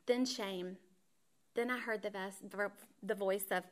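A woman, teaching a Bible study with a lively personal story. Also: mid-range voice, slow. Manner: animated storytelling, acts out voices in quotes, says "y'all".

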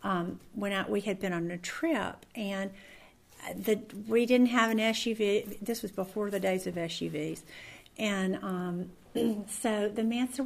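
A woman's voice: medium pitch, measured pace, creaky, darkish tone. A middle-aged woman leads a Bible study in a chatty, conversational way, telling stories with lots of fillers and restarts.

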